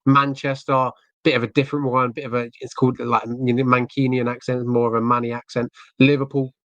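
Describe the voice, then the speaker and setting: A man's voice: medium pitch, little pitch movement, brisk, fairly bright tone, no room sound. A man from England with a southern English accent, chatting casually as a podcast guest in a rambling way with many fillers.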